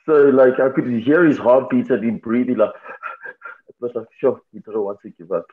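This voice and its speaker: A man's voice: mid-range voice, moderate pace. A man, a fighter talking candidly and reflectively in an interview, laughing easily. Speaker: MMA fighter, guest. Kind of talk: casual interview talk. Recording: tinny phone-like line.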